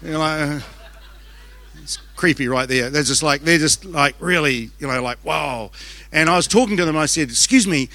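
A man with a New Zealand accent preaching a conference sermon, fast and conversational, joking with the crowd as he goes. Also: fairly high pitch, pushed and bright. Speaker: pastor. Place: church auditorium. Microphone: handheld microphone.

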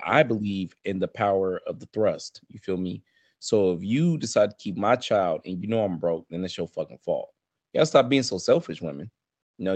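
A man, co-hosting a casual podcast chat and ranting in a profane, animated way. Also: lowish voice, husky, no room sound. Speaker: podcast co-host.

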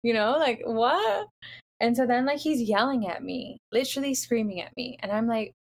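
A young woman from the Los Angeles area chatting casually, telling a dating story in an animated way with lots of "like" fillers. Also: fairly high pitch, normal speed. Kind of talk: casual chat.

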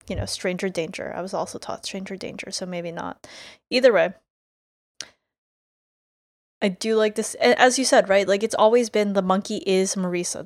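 A woman's voice: mid-range voice, no room sound. Chatty woman co-host, dry close sound. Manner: chatty, hedging with fillers. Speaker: podcast co-host. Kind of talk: casual recap chat.

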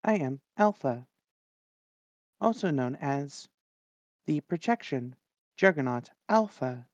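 A tabletop player voicing Alpha, a formal, commanding juggernaut, in a flat official tone. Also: medium pitch, takes it slowly, no room sound, dull audio. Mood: stern. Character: imposing armored juggernaut called Alpha.

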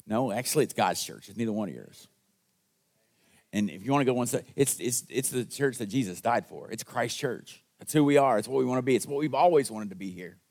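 A man preaching a sermon as pastor, earnest and conversational, with call-and-response asides to the congregation and quoted lines acted out in a raised voice. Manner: acts out quoted voices with big jumps in pitch and loudness.

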